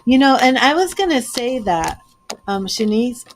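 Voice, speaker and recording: A woman's voice: a little high, big pitch swings, a little slow, a little hiss or hum. Earnest woman reading tarot cards. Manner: earnest, gushing, emotional. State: teary-eyed. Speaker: tarot reader.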